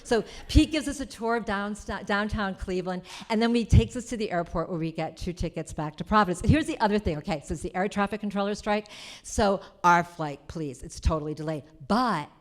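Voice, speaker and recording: Woman storyteller, chatty, lots of "like", middle pitch, live on stage. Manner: chatty, full of "like" and quick asides. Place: cultural center stage before an audience.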